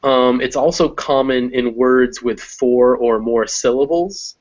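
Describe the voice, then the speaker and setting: Male English teacher, mid pitch, explains slowly with thinking pauses; slightly dull recording. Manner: explains step by step, pausing to think with many ums. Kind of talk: conversational language lesson.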